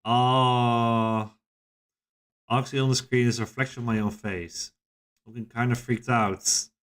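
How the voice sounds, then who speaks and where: A man's voice: mid-range voice, fairly even intonation, fairly quick. A man streaming a visual novel, reading the narration aloud and reacting casually, with plenty of swearing.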